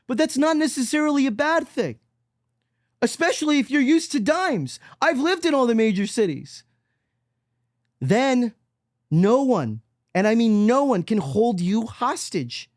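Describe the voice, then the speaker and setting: A man hosting a solo podcast monologue, preachy and emphatic, swinging between loud mockery and low, quiet intensity. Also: big pitch swings, a little slow, dry recording, studio quality. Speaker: podcast host.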